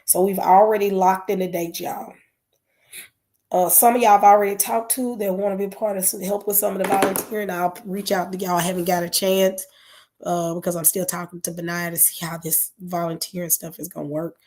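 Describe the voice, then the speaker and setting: Lady, kinda low voice, going hoarse, rambly and casual with lots of uh and um. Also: flat delivery, fairly quick, noisy background. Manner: rambling, many fillers and self-corrections. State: hoarse, losing her voice. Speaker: channel host. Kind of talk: casual talk to viewers.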